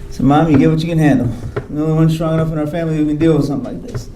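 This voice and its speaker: A man's voice: a little high, racing, warm tone, echoey room, slight background noise, low-quality recording. A man giving a hospital grand rounds talk, telling his own story candidly and wryly, acting out the people he quotes. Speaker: physician speaker. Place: hospital lecture hall.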